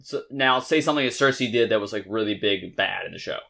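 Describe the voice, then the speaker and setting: A man co-hosting a podcast, chatting casually in an animated, rambling, jokey way. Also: on the low side, fast, vocal fry. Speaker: podcast co-host.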